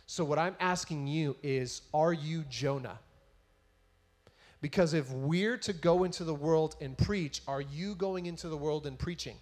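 A man's voice: a little high, moderate pace. A man giving a casual, joking sermon, retelling a story and often tagging his sentences with "right?".

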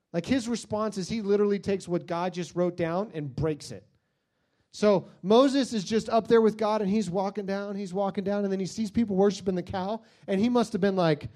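A man with a high, light voice preaches a lively sermon. He talks casually and jokes as he goes, acting out the people in his stories with comic voices. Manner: animated storytelling, acts out silly voices; jokey, conversational preaching.

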